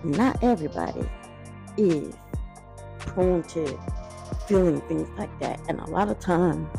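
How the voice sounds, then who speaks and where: A woman's voice: low voice, slow pace, creaky, over music. A woman, talking in a blunt, profane, casual monologue as a podcast host. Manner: blunt and profane, heated and animated when worked up.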